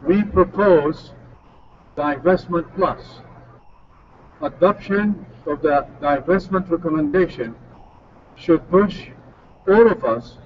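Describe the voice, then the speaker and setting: Man with a fairly high voice, formal and solemn church statement, muffled distant sound. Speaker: church advocate reading a statement. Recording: distant dull recording with faint noise.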